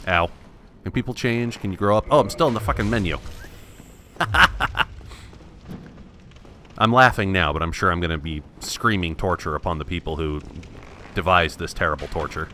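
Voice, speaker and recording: A deep, sharp-toned male voice comes through with slight background noise. This gameplay commentator thinks aloud in a wry, self-mocking let's play style, frequently restarting his sentences.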